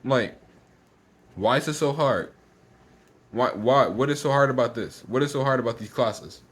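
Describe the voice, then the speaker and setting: An exasperated teenage vlogger vents casually, words rushing out and circling back as he repeats himself. Slightly out of breath, he speaks at an ordinary pitch for his age with a breathy edge.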